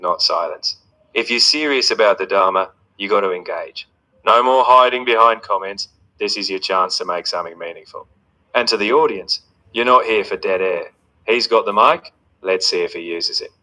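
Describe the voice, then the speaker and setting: A man's voice: fairly low pitch, pushed and bright. A synthetic male voice putting on an Australian accent, slangy and firm. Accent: put-on Australian.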